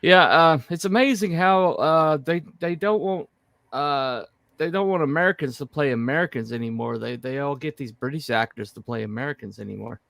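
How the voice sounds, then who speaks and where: Gravelly man, rambling casual chat. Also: fairly high pitch, a bit bright, no room sound. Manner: rambling, halting with many fillers and restarts. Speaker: podcast co-host.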